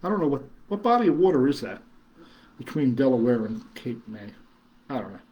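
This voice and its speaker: A man's voice: medium pitch, very animated, a little fast, dull audio. A middle-aged man, hosting a casual livestream and reading chat comments in a rambling, chuckling way with many fillers. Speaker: horror host reading live chat.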